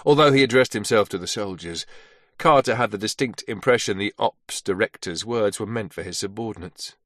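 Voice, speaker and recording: A man giving scripted audiobook narration in a steady, even manner. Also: on the low side, fairly quick, dry recording, studio quality.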